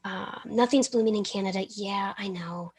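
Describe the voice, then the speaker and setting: A woman from the American South leads a live miniature painting class in a chatty, rambling way. Her voice is husky and breathy, with a gravelly edge. She often breaks off mid-sentence and sometimes mumbles around a brush held in her mouth. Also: medium pitch, normal speed, darkish tone.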